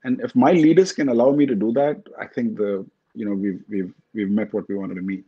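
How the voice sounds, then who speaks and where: A man from Pakistan, a company chief, answering interview questions in a measured corporate way, often restarting his words. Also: fairly low pitch, steady tone, breathy edge, muffled recording. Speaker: CEO guest.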